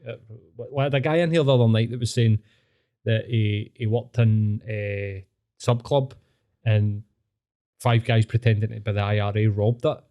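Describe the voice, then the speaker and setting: Blunt Glaswegian man, mellow voice. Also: lowish voice. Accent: Scottish, Glaswegian. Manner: blunt, laughing, sweary. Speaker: podcast co-host. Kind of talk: casual chat.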